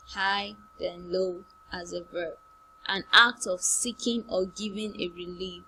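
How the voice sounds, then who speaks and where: A woman teaches an online lesson at an unhurried, deliberate pace. She repeats and stresses each word for her pupils. A faint hum sits under her voice. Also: mid-range voice, bright, forceful tone, low-quality recording.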